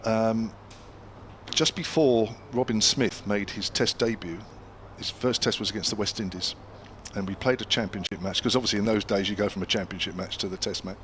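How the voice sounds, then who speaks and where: An older English man, once a county player, commentates on cricket ball by ball, sharing anecdotes between deliveries like a chatty storyteller. His voice is on the low side yet fairly bright, at a moderate pace, with slight hiss or hum in the audio.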